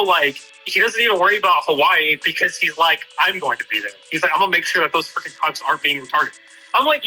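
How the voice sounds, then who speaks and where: A man with a very bright, slightly raised voice talks casually, hesitant and full of fillers. Quiet music plays in the background. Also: fairly high pitch, animated, fast talker, rough recording. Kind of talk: casual chat.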